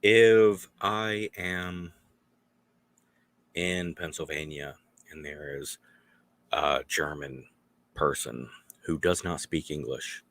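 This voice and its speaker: A man rambles through a solo podcast, drifting between thoughts and acting out small exchanges. His voice sits very low and his delivery is unhurried. The recording is dry, with no room sound. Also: a bit bright, no room sound. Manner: meandering, acts out little dialogues. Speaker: podcast host.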